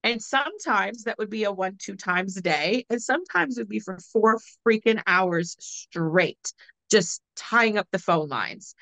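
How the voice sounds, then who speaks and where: A woman, co-hosting a podcast and telling a story in a casual, animated way, laughing often. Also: mid-range voice, unhurried, creaky, no room sound, poor audio. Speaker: podcast co-host.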